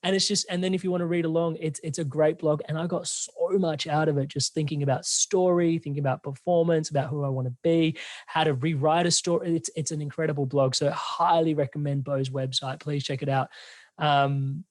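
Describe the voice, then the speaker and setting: A man's voice: a little high, steady tone, fairly quick, no echo. A man hosting an interview over a video call, talking enthusiastically and rambling with restarts. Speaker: podcast host. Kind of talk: casual interview.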